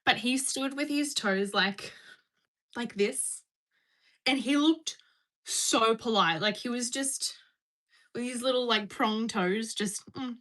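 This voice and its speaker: A woman's voice: a little high, slow pace, pauses often, fairly bright tone. A woman chatting casually on a live stream from home, bubbly and answering her viewers. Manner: chatty, bubbly, reading and answering chat messages. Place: indoors at home.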